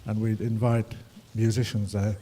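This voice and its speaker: Speaking at a festival, an older ragtime musician tells rambling, comic stories to the crowd with lots of fillers. His voice is fairly low and dark, with little pitch movement, at a moderate pace.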